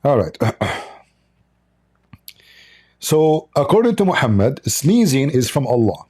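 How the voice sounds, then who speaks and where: A man's voice: mid-range voice, sing-song, slow, a little mellow, husky. A man hosting a livestream, talking in a mocking, sarcastic way in non-native English. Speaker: livestream host. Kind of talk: livestream polemic commentary.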